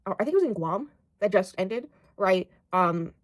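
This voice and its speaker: A woman's voice: mid-range voice, animated, normal speed. A young American woman chatting casually about books, rambling with lots of fillers and casual swearing. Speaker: book vlogger. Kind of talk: casual book chat.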